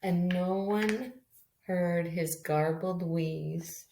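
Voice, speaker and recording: A woman teacher reading a picture book aloud to young children, with gentle, expressive delivery and questions to the class. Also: on the low side, moderate pace. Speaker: kindergarten teacher. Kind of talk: read-aloud storytime lesson. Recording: echoey room.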